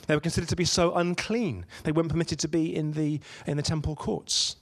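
A man's voice: a little high, fairly even intonation, a little fast. A man giving a conversational sermon, telling stories and asking his listeners rhetorical questions. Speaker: preacher.

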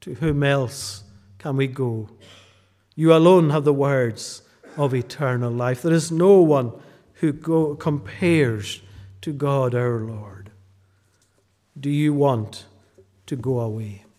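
A man preaching a sermon, drawing out key phrases and dropping to a hush at the ends of lines. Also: medium pitch, slow, pauses often, big-room sound. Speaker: pastor.

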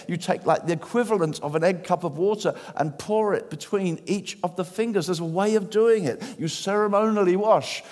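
A man preaching a sermon in church, animated and acting out the voices of people he quotes. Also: high-pitched. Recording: long hall reverb.

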